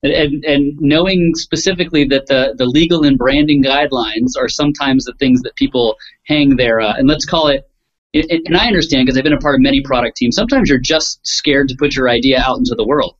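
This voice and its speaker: A man's voice: medium pitch, brisk. A man in a casual discussion, hesitant and repeating words as he starts his sentences. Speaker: conversation partner. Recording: dull lo-fi recording.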